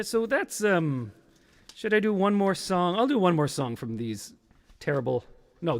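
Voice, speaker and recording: A podcast host in his fifties, with a slightly high, creaky voice, rambles nostalgically through a casual solo stream. Now and then he acts out an old sketch in silly voices.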